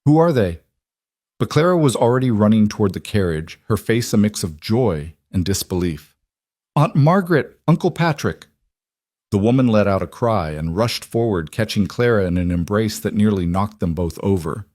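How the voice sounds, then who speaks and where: A man reading a western story as narrator, calm and measured. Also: fairly low pitch, no echo, studio quality. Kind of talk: scripted narration.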